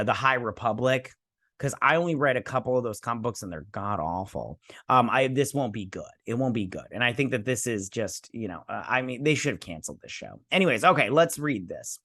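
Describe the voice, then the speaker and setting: A man's voice: medium pitch, a bit bright. A man hosting a casual entertainment news roundup, reading articles and breaking off into rambling, opinionated asides. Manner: rambling, opinionated asides between read-out passages. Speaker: host.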